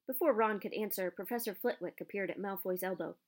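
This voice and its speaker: A woman narrating an audiobook in a calm, even storytelling manner. Her voice sits at a middle pitch. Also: fast.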